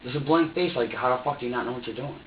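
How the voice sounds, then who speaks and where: Speaking very fast at medium pitch, a young man in a police interview room gives rambling, repetitive, defensive answers. The recording is distant, tinny and echoey, carrying slight background noise.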